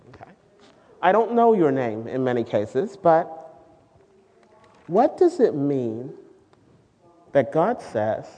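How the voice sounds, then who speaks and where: A woman giving a sermon-style teaching to a group of women, lively and asking the audience questions. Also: low voice, takes it slowly, long pauses. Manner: animated, asks the audience questions, sings out quoted lines. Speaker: speaker at a women's gathering. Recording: dull lo-fi recording with long hall reverb.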